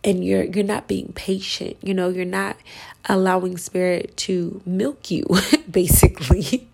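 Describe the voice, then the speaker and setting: A woman preaching in a slow, deliberate sermon, her low voice heavily gravelly and rough. She urges her listeners intensely and keeps slipping into a hushed whisper. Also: fairly even intonation. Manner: emphatic, urging. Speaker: spiritual speaker.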